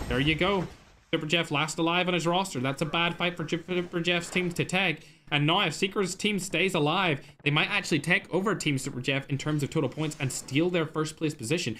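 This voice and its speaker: A young man streaming live, calling an esports tournament with a slightly high voice. He bursts into frequent exclamations and keeps talking to his chat between plays. A faint hiss sits under the recording. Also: brisk, pushed and bright. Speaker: streamer casting a mobile shooter tournament.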